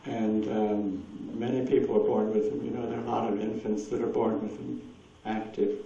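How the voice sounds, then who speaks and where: A man rambles through anecdotes with a mellow, dark tone, chuckling often. His voice comes from a distance in a roomy, echoing hall. The recording is dull, with faint noise underneath. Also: on the low side, level tone, normal speed, gravelly. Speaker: speaker at a presentation. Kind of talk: anecdotal talk taking audience questions.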